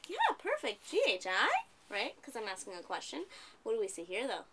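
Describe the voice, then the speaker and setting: Woman tutor, gravelly edge, patient and coaxing with a young pupil, soft background hiss. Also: fairly high pitch, huge pitch swings, brisk. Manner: patient, coaxing, ends points with tag questions. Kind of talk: one-on-one tutoring a child.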